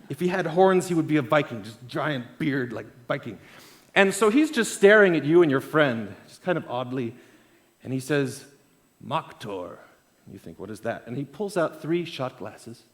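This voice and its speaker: A man tells a story from the stage in a keynote talk. His voice sits a bit high and leaps around in pitch. He swings from loud bursts to quiet, low asides. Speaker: conference speaker. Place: event stage.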